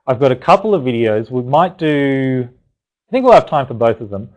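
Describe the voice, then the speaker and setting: A man's voice: medium pitch, big pitch swings, normal speed, narrow, tinny audio. A man presenting a live parenting webinar, chatty and encouraging, talking loosely with restarts and asides to his audience. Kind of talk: live online teaching webinar.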